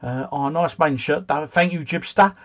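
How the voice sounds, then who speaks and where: A man's voice: fairly high pitch, normal speed, dull audio. A man hosting a casual quiz livestream from home, chatting, chuckling and answering comments from his viewers.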